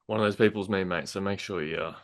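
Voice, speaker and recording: Low-voiced man, brief agreeable replies. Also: quick pace, no room sound, clean studio sound. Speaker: podcast co-host. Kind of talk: casual podcast chat.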